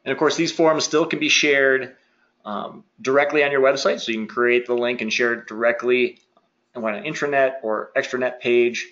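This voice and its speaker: A man presenting a software webinar, adding upbeat, chatty commentary on new features. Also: medium pitch, steady tone, moderate pace, lo-fi sound. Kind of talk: webinar walkthrough.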